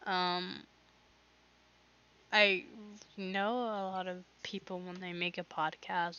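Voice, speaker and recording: A woman's voice: on the low side, bright, forceful tone, dull audio, slight background noise. A teenage girl hosting her own podcast, chatting casually and rambling with lots of fillers and restarts. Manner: rambling, filler-heavy, self-interrupting. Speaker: podcast host. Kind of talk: casual solo podcast chat.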